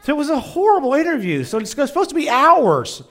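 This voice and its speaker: A middle-aged man preaching a storytelling sermon, swinging from loud exclamations to hushed asides. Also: very high voice, wildly swooping pitch, brisk. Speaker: visiting preacher.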